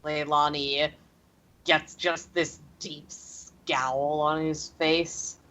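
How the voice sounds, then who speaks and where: A woman's voice: sits low, flat delivery, very slow, a bit bright, a little hiss or hum, poor audio. A woman playing a tabletop role-playing game, describing her character's actions in a laid-back, dry manner. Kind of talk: casual game narration.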